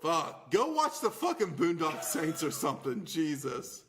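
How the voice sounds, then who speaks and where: A man co-hosting a podcast in crude, mocking banter, his voice rising and falling a lot as he laughs through his lines. There is a clear hiss of noise under the recording. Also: on the high side, very animated, unhurried. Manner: laughs often, profane and mocking. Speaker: podcast co-host.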